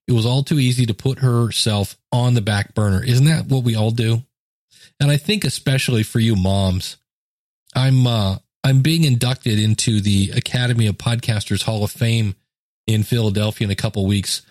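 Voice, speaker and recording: A man's voice: medium pitch, a little mellow, no echo. Earnest middle-aged man, dry close mic. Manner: earnest, conversational, with fillers and emphatic asides. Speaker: podcast host. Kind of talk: casual solo podcast talk, reading and commenting.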